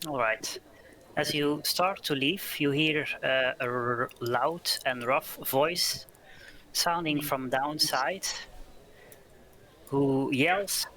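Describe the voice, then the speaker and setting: A man narrating a tabletop game as game master, slow and halting with fillers. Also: fairly high pitch, sharp tone, rough recording.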